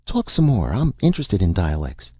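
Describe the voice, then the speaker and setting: A man's voice: deep voice, wildly swooping pitch, moderate pace, husky, no room sound, voice pushed up, heavily acted. A man voicing a curious, friendly young small-town woman with a lightly teasing manner, in a dull lo-fi recording.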